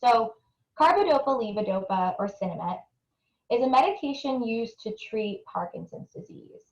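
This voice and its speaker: A woman's voice: on the high side, lively intonation, normal speed, roomy sound, lo-fi sound. Woman presenting nutrition research. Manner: earnest, explanatory, with frequent restarts. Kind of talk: presentation talk with audience poll.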